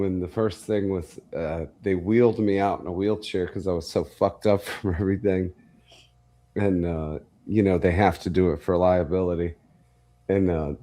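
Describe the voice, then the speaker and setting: A man's voice: low-pitched, warm tone. A man in casual chat, telling a long, profane story with energy.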